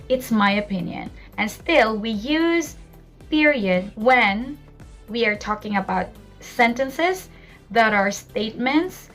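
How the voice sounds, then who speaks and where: Young woman, English teacher, lightly raised pitch, patient explainer, faint music behind. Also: a bit bright. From Philippines. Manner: patient, explaining with spoken examples. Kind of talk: online English lesson.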